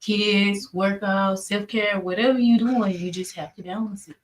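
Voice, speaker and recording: A woman's voice: mid-range voice, fairly even intonation, moderate pace, rough recording. A woman in casual conversation who listens supportively with frequent "mm-hmm" and gives encouraging advice. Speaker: podcast co-host. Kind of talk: casual chat.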